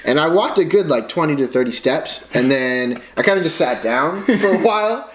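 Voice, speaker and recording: A man's voice: a little high, animated, normal speed. A young man co-hosting a podcast, laid-back and joking, telling a drinking story with plenty of swearing. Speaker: podcast co-host. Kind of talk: casual chat. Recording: echoey room with noise.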